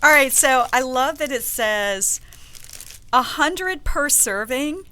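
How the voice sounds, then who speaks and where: A woman from the American South hosting a casual radio talk show, telling stories with animated, playful asides. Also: high-pitched, takes it slowly, slight background noise. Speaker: host. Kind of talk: casual radio chat, storytelling.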